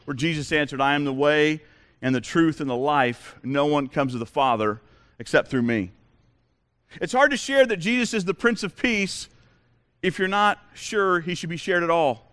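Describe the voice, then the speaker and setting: A man's voice: high-pitched, a bit bright. A man preaching a sermon as a pastor, emphatic, with repeated rhetorical questions.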